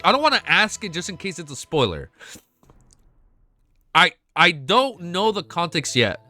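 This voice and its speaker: A young man streaming to his chat, excitable and emotional, swearing often and reading chat messages aloud. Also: high-pitched, a little slow, long pauses, soft background music. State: emotional, close to tears. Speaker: streamer reacting to a web novel. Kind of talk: casual live-stream chat.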